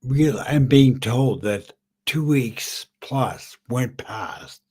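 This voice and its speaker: A middle-aged man hosting a live podcast, halting and choked up as he tells his own story through tears. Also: medium pitch, darkish tone, husky. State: tearful. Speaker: podcast host. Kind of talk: live-streamed personal story.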